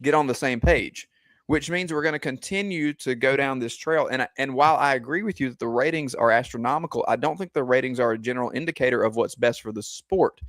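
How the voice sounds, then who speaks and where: A man hosting a sports podcast, talking in a measured way and steering the discussion. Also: mid-range voice, a bit bright, no room sound. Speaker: podcast host. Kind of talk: casual sports talk.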